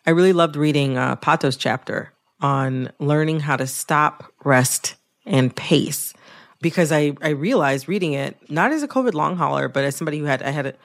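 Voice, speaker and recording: A woman's voice: low voice, a little fast, vocal fry, hardly any pauses. A woman hosting a radio interview, asking reflective, thoughtful questions. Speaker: podcast host.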